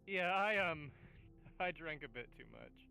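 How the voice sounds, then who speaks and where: A man's voice: a little high, expressive, measured pace, vocal fry, bright, forceful tone, faint music behind, heavily acted, rough recording. A man voicing a hungover young male party animal who sounds sheepish and evasive.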